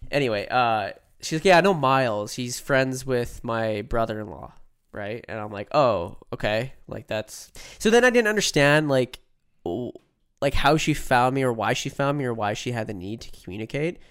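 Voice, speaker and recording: A young man with a smooth, clear voice at an ordinary middle pitch, co-hosting a casual podcast. He rambles through a long personal story, leaning on "like" and "right?" and slipping into other people's voices when he quotes them. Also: expressive, moderate pace, a bit bright. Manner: rambling, peppers sentences with "like" and "right?"; acts out quoted voices while telling stories. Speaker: podcast co-host.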